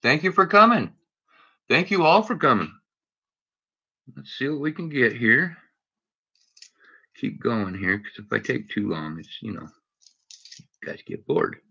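A man's voice: medium pitch, expressive, measured pace, vocal fry, long pauses, pushed and bright, slightly rough, dull audio. A man hosting a casual home live stream, chatting to viewers and greeting them by name as he searches coin rolls. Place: indoors at home.

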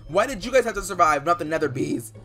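A young man doing dramatic Minecraft role-play commentary, excitable and rambling with fillers, bursting into loud outbursts. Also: high voice, fast talker. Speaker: YouTuber playing a bee in Minecraft. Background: faint background music.

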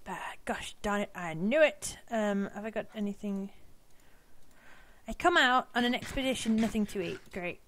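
A woman's voice: mid-range voice, lively intonation, normal speed, a bit bright, slight background noise. A young woman giving casual gameplay commentary, chatty and self-mocking, talking to the animals on screen. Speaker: let's-play host.

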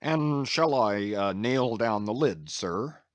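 A man's voice: mid-range voice, animated, slow pace, dry recording. A man voicing a fussy, grumbling old ship's carpenter who mutters and hesitates as he complains. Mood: hesitant. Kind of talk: audiobook character reading.

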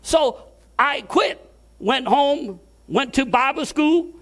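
A man preaching a sermon, telling a personal story and acting out the voices of the people in it, with excited repeated words. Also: extremely high pitch, takes it slowly.

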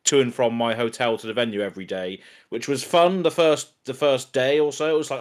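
A man co-hosting a podcast, telling a story in an animated, laughing way. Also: mid-range voice, a little fast. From outside the US. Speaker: podcast co-host.

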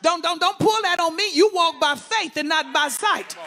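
High gravelly preacher man, shouting the sermon, bright cutting tone. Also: normal speed, soft background music. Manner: call-and-response preaching with repetitive lists.

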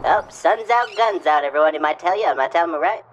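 A woman's voice: on the low side, lively intonation, fast, highs cut off, noisy background. Woman improvising a playful comedy dub. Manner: playful, improvising silly dialogue. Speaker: comedy dubber.

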